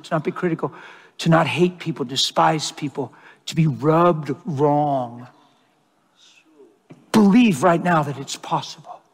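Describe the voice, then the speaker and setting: A man preaching a sermon with emphatic delivery, repeating phrases to drive the point home. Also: fairly high pitch. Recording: long reverb of a large hall.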